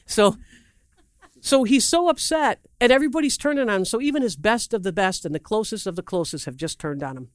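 Preacher, mid-pitched, dry close sound, rambling animated sermon storytelling with acted quotes. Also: fairly quick, no room sound. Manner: asks the audience questions directly; loose, rambling delivery with restarts and asides.

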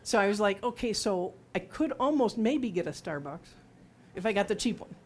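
A woman's voice: medium pitch, animated, normal speed. Middle-aged woman preacher, chatty sermon delivery, mid-range voice, playful acted-out quotes. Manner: conversational, humorous storytelling with acted-out quotes.

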